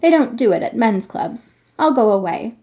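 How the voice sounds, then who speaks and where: A woman reading aloud, voicing a calm, sturdy twelve-year-old boy who speaks plainly and with curiosity. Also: fairly high pitch, normal speed, natural voice.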